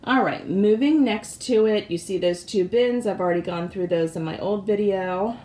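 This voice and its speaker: A hoarse woman in her forties with a raspy voice, chatting casually and apologetically as she gives a tour of her craft room. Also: mid-range voice, moderate pace, warm tone. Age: 40s. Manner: chatty and apologetic, with frequent fillers. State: hoarse from allergies. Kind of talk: casual home tour chat. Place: craft room and home office indoors.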